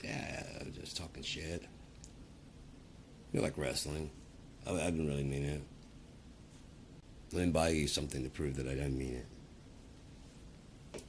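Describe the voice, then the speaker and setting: A man's voice: extremely low pitch, steady tone, a little fast, long pauses, a little mellow, slight background noise. A man ranting in a casual, profane and rambling way, talking to the camera. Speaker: vlogger. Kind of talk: casual rant.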